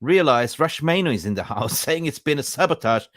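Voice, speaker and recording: A man's voice: fairly high pitch, lively intonation, brisk, fairly bright tone, no room sound, studio quality. A man hosting a casual football podcast, chatty and jokey, greeting viewers by name. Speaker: podcast host. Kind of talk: casual live-stream football chat.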